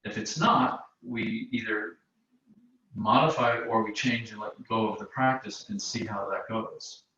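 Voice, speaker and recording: Soft-spoken yoga teacher in a roomy space. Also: male voice, on the low side. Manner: slow, searching, hesitant with many restarts. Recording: roomy, distant, dull sound with faint noise.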